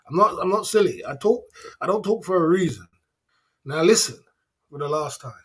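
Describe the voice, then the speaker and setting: A man hosts a casual livestream and scolds his chat. He repeats himself and insists that they listen, and his voice sits a little high for a man. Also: animated, moderate pace, fairly bright tone, husky. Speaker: livestream host.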